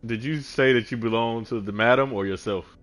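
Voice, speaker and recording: A man's voice: medium pitch, a little fast, fairly bright tone, faint music behind. A male streamer giving casual, slangy gameplay commentary, laughing often. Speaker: gaming streamer.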